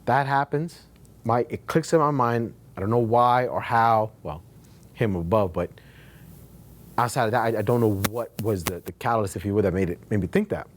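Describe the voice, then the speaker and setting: A man telling his own business story at a meetup in a casual, animated way, casually swearing and repeating himself for emphasis. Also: on the low side, moderate pace, a little hiss or hum. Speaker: real estate agent sharing his story.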